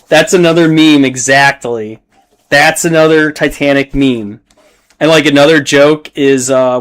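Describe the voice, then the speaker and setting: A man chatting casually on a livestream while painting, rambling and swearing freely as he reacts to his chat. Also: fairly high pitch.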